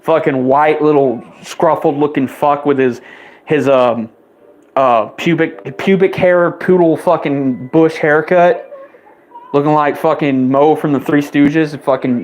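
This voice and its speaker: A man's voice: medium pitch, a little mellow. Twenty-something guy venting mad, cussing nonstop, voice shoots up when he's worked up. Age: 20s. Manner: heated, rapid-fire swearing, voice spiking up when riled. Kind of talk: angry profane rant to the camera.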